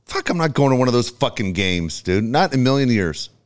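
A man's voice: mid-range voice, very animated, fairly quick. Blunt, emphatic, profane man. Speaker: podcast co-host. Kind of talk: casual comedic banter.

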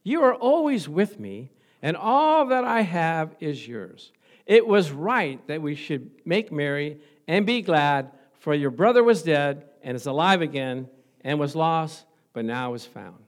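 A man preaching voices a loving father who answers his son slowly and earnestly. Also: on the high side, animated. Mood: tender. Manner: slow, earnest pleading. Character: loving father, older man, gentle and patient.

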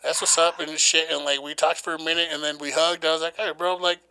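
A young man with a bright, clear, slightly high voice recounts a story on a podcast. He talks casually and profanely, jumping into animated quotes of what people said. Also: quick pace. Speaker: podcast co-host.

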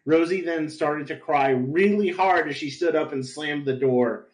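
A man's voice: fairly high pitch, a little slow. Man narrating in an echoey room. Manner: flat reading with stumbles and laughs. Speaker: podcast host, reader. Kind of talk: comedic fan-story narration. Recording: roomy echo.

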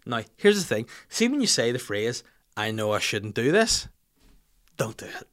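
A middle-aged man, hosting a podcast and telling comic stories in an animated, sweary way. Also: medium pitch, normal speed. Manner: animated, acts out the people in his stories, swears. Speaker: podcast host. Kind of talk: comic storytelling rant. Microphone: studio mic.

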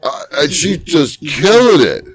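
A man's voice: on the high side, very animated, unhurried, breathy edge, dry recording. Laughing, swearing man telling a story. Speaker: podcast host. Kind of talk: casual chat.

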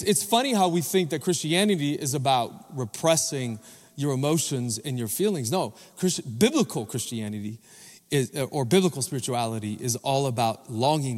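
A man's voice: medium pitch, normal speed, darkish tone. A male pastor preaching a sermon in a church, often asking the congregation questions and calling for their responses. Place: church sanctuary. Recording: long reverb of a large church hall.

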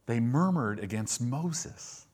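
A man's voice: mid-range voice, expressive, slow pace, a little mellow, breathy edge. A male pastor preaching in a conversational way, asking his listeners questions and acting out people's reactions. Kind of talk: sermon.

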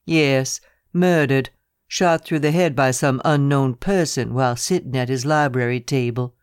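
In an audiobook reading, the narrator voices a young male private secretary who is calm, cool and businesslike, speaking in a low, steady, matter-of-fact way. The pitch is ordinary and close to an everyday voice, at a measured pace with a clean tone. The recording is dry and close.

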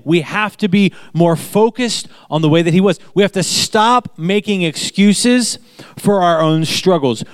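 A man's voice: sits high, clear, resonant tone, no echo. A man pastor giving a chatty sermon, telling anecdotes and repeating phrases for emphasis. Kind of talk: conversational sermon.

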